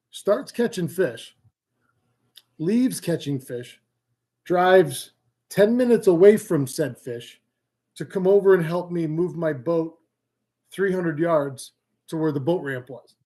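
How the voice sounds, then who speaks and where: Male livestream host, chatty and easily sidetracked, cracks jokes, slightly higher voice, casual fishing talk from home. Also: dark tone. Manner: rambling, joking, easily sidetracked. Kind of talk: casual live-stream chat. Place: home, indoors.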